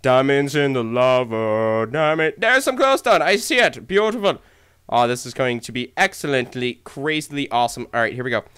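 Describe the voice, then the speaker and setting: A man commentating his gameplay in an excited, hyper way, often repeating himself. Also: on the high side, fairly quick, clear, resonant tone. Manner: hyper, exclamatory, repeats phrases. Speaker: let's play gamer.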